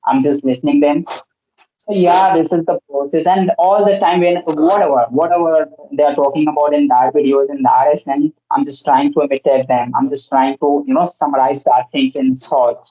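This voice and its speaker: A man's voice: fairly high pitch, fairly even intonation, normal speed, dark tone. A man chatting earnestly in a casual conversation, speaking learner English with many fillers. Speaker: host. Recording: muffled lo-fi audio.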